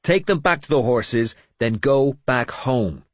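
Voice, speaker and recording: A man voicing a gruff warrior captain in an audiobook, snarling blunt orders. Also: fairly low pitch, animated, unhurried, no room sound, pitched above the performer's own voice. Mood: gruff, commanding. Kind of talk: audiobook character voice.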